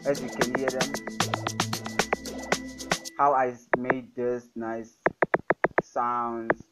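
Young male tutor, slow relaxed delivery, keeps hyping the sounds as he goes; loud music under him. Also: medium pitch. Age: young adult. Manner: enthusiastic, repeats "fire, guys". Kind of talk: casual screen-recorded tutorial. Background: loud music playing.

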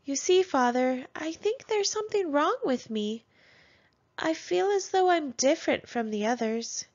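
A woman's voice: sits high, lively intonation, unhurried, darkish tone, voice pushed up. A woman voicing an earnest, nearsighted and clumsy baby boy dinosaur in a storybook reading. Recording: dull lo-fi sound.

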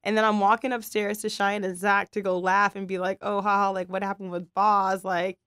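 A woman's voice: mid-range voice, normal speed, smooth, no room sound, clean studio sound. A woman co-hosting a podcast, chatting casually and acting out the quotes in her funny stories with bursts of laughter. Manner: animated storyteller who acts out quoted dialogue with laughter. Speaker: podcast co-host. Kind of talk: casual chat, storytelling.

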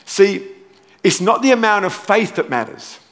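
A pastor preaching a sermon in a church auditorium, emphatic and repeating key phrases, with playful asides. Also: male voice, high voice, sing-song, moderate pace, a bit bright. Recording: long church hall reverb.

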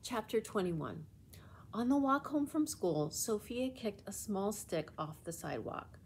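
A children's librarian reading a storybook aloud in a library children's room, in clear, steady storytelling. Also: female voice, medium pitch, a little slow, slight background noise. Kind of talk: children's book read-aloud.

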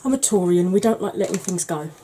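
A woman hosting a beauty channel, chatting casually and rambling softly while she declutters her makeup, with self-deprecating asides. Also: on the low side, expressive, fast talker, a little hiss or hum, poor audio. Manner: soft, quiet delivery.

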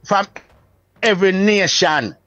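Jamaican man, high voice, emphatic preacher, dry, muffled lo-fi sound. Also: slow, sharp tone. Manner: emphatic, preacherly, often asks "you see what I say?". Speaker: Rastafari priest, guest. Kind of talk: religious reasoning, casual talk.

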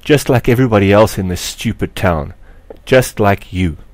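A resentful boy who dabbles in necromancy lashes out in a low, indignant voice that keeps getting louder, as a man reads him in a storybook. The sound is dry and close, with no room around it. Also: normal speed, dry recording, natural voice. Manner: indignant, raised voice. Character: angry bitter schoolboy necromancer.

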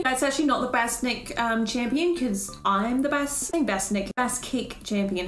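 A woman's voice: mid-range voice, moderate pace, few pauses, soft background music. An Australian woman chatting playfully and mocking herself while playing a video game. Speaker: let's play gamer. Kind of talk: casual gameplay commentary. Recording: roomy echo.

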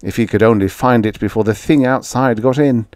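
A man narrating a vintage horror short story as an audiobook, in a slow and dramatic storytelling manner. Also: medium pitch, a little mellow, clean tone, dry recording, studio quality.

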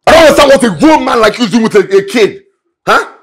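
An actor playing an aggressive, shouting man confronting a neighbor in a film drama. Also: very high voice, lively intonation, quick pace, heavily acted. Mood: angry.

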